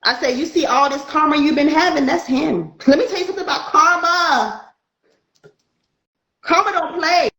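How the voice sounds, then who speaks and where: Animated high-voiced woman telling a story. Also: moderate pace, echoey room, low-quality recording. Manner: animated, acts out dialogue in her story. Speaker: guest, spiritual light worker. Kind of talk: casual storytelling chat.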